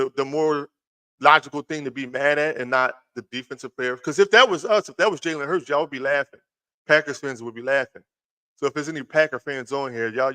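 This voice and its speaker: A man's voice: fairly high pitch, bright, forceful tone. A man hosting a casual live sports talk stream from home, rambling and repeating himself as he talks to his chat. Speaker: sports talk show host. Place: home room, lights just turned on.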